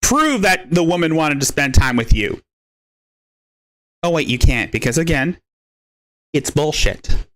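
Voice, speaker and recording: A man hosting a live stream in a mocking rant, his pitch leaping up and down as he taunts. He swears constantly and hammers the same insults again and again. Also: sing-song, unhurried, pauses often, a bit bright. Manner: profane, taunting, repetitive. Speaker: stream host.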